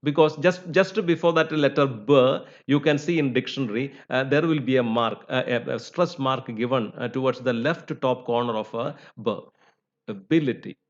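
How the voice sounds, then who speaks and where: A man's voice: medium pitch, moderate pace, hardly any pauses. A man teaching English phonetics, with many "you know" and "uh" fillers. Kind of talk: lecture. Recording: slightly dull recording.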